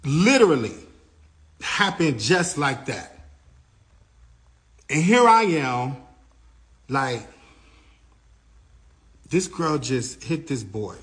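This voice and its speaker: A man, a tour manager, recounting an incident and acting out what each person said. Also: mid-range voice. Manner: animated retelling, acting out others' lines.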